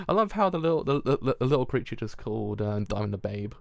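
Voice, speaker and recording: A man's voice: mid-range voice, sing-song, a little fast, creaky, no echo. A man streaming a live anime reaction, making rambling asides and chuckling often.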